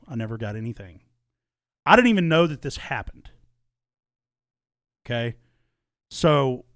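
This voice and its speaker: Animated man telling a story. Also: medium pitch, dry recording, clean studio sound. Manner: animated, acts out quoted dialogue, swears freely. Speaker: podcast guest telling his story. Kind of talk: casual storytelling, podcast chat.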